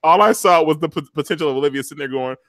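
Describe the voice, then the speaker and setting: A man's voice: a little high, racing, fairly bright tone, dry recording. Joking man host, dry sound. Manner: joking, tangents, apologetic laughter. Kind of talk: casual recap chat.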